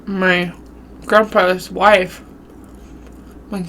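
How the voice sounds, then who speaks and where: A woman vlogger casually telling a spooky story while eating, with a runny nose and an animated, drawn-out way of talking. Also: medium pitch, a little hiss or hum. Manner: animated storytelling with southern-style "y'all". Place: home, eating on camera.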